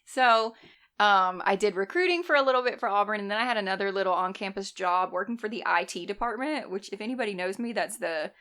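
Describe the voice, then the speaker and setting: A young woman, a nurse telling stories in casual chat, animated and often laughing. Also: mid-range voice, fast talker, smooth. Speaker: guest, nurse.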